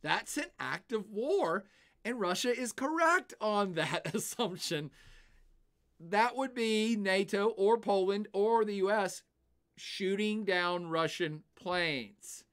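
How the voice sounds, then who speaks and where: An older man hosting a livestream, casually answering chat questions in an animated way and laughing often. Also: sits high, slow pace, smooth. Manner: animated, laughs often, puts on silly voices. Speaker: livestream host.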